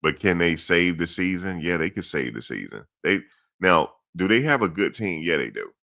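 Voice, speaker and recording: A middle-aged sports commentary host rants bluntly and blusterously, repeating his points and speaking straight to the audience. His low-pitched voice is bright and forceful, with vocal fry, expressive delivery, and a moderate pace.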